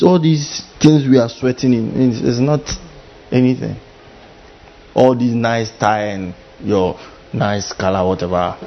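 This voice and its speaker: Animated husky male preacher. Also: dull audio. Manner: animated preaching, mimicking people in high voices. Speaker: pastor. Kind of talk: sermon.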